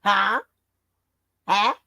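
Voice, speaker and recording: A woman's voice: mid-range voice, very slow, gravelly, bright, forceful tone, no echo, poor audio. A woman hosting a casual live stream, brash and profane, teasing and needling her chat commenters. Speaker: livestream host.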